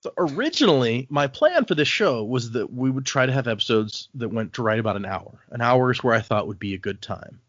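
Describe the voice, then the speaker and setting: A man's voice: medium pitch, very animated, a little fast, few pauses, a bit bright, no room sound. A man hosting a podcast, rambling through anecdotes with many restarts. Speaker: podcast host and editor. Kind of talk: casual chat. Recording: dry, dull lo-fi sound.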